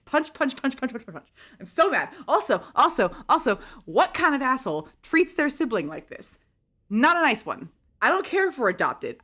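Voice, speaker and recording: Lively, excitable woman streamer. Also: fairly high pitch. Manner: expressive, laughing, swearing, dramatic. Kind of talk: excited game play-through commentary.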